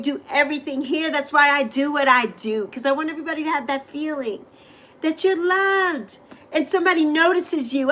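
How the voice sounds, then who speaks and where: With a high, fairly bright voice, a middle-aged woman running a livestream pours out emotional, repetitive, effusive talk aimed right at her viewers. She uses a desk microphone, and the tone of the chat is heartfelt.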